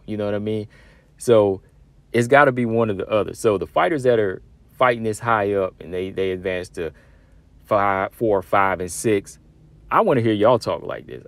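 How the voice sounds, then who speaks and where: Low-voiced man giving casual fight commentary. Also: no room sound. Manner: conversational, many fillers and asides. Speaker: MMA commentary host.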